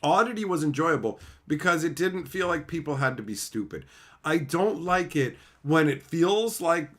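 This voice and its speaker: A man's voice: a little high, normal speed. A man streaming casually, reading chat and ranting, with frequent swearing and voiced impressions. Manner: animated, swearing, mimics others.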